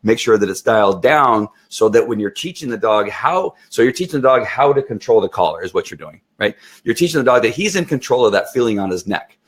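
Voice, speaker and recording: A middle-aged man who trains dogs, giving an instructional talk in an animated way and acting out what the dog is thinking. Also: medium pitch, brisk, few pauses, slightly rough. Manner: animated, acts out the dog's thoughts.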